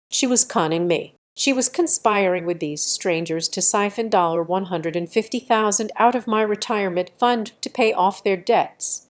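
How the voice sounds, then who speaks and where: A woman narrating a scripted first-person story in a steady, measured way. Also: mid-range voice.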